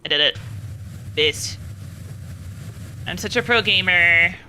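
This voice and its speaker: A young woman streaming a game, chatting casually and swearing at it out loud. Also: fairly low pitch, slow, slight background noise. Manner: swears often, scolds the game aloud. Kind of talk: casual gameplay commentary.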